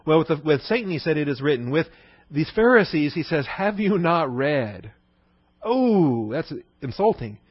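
A male pastor with a husky voice on the high side preaches an expository sermon, recorded without room sound and with highs cut off. He's emphatic, stressing ideas by repeating them and asking rhetorical questions.

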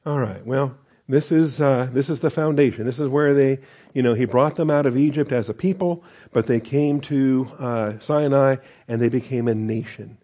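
A man's voice: mid-range voice, moderate pace, dark tone. A middle-aged man, a pastor teacher, giving a conversational sermon with humorous asides.

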